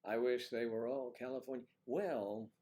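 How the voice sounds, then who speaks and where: A man hosting a livestream, chatting casually with viewers and joking, with quiet, half-whispered asides. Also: mid-range voice, steady tone, normal speed. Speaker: livestream host. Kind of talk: casual chat reading viewer comments.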